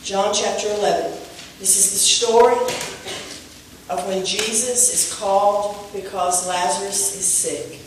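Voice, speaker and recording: Animated woman preaching in an echoey church. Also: medium pitch, a little slow, background noise. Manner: animated, preachy, asks the congregation questions. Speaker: pastor. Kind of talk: sermon. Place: church sanctuary. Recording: echoey room, voice from a distance.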